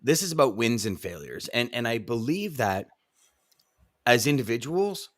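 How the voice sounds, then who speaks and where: A man's voice: medium pitch, big pitch swings, moderate pace. A man hosting a casual live-stream chat as a coach, reading viewer comments aloud and often repeating words. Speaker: podcast host and trucking coach.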